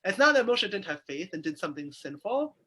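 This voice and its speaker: A rabbi teaches a weekly Torah class over a video call in a lively text study lecture. His voice is high-pitched, husky, sharp, brisk and very animated, and he explains by posing questions aloud.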